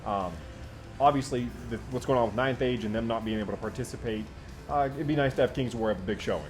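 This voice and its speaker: Fast-talking blunt man. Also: medium pitch, faint music behind. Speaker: co-host. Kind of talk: casual tabletop gaming chat.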